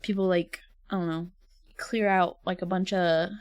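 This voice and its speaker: A woman's voice: on the low side, fairly even intonation, moderate pace, clear, resonant tone. A young woman streamer chatting casually with viewers, rambling and reflective, with lots of "like" and "I don't know". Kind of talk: casual chat reading viewer comments.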